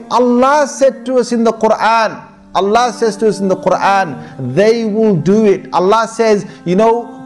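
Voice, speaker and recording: A man delivers an informal sermon in a fairly high voice, speaking conversationally and circling back over his own phrases. He drops into Arabic recitation now and then. Faint music plays softly under the recording. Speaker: sheikh giving a talk.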